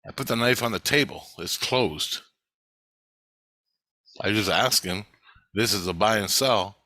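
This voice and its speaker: A man telling a dream in casual, profane storytelling, swearing constantly and getting animated as he retells it. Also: fairly low pitch, a little slow, no room sound.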